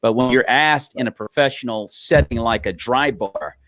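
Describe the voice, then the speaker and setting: A man's voice: mid-range voice, normal speed, a bit bright, no echo. Upbeat male talk host, mid-range voice, eager and wordy, dry recording. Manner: enthusiastic, repeats words. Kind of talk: casual interview chat.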